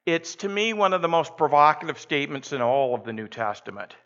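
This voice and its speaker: A man's voice: on the high side, big pitch swings, brisk, a bit bright, highs cut off. A man preaching a sermon in a conversational, storytelling way. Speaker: pastor.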